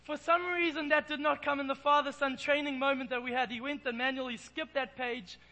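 A man's voice: very high-pitched, flat delivery, brisk, pushed and bright, rough recording. An Englishman preaching in church, telling a self-deprecating, playful story. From England. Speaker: pastor. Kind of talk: sermon with humorous storytelling.

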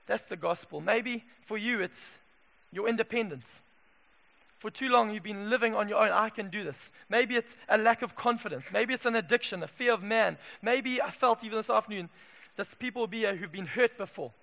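A man from Zimbabwe preaching a passionate sermon in a church, moving from hushed asides to loud calls. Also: high voice, normal speed, gravelly. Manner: passionate, swings from hushed to shouting. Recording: echoey hall reverb.

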